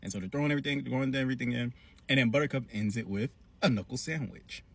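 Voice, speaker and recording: A man giving a casual, slangy recap of a cartoon episode with animated storytelling. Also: medium pitch, fast talker, creaky, slightly rough. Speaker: cartoon reviewer.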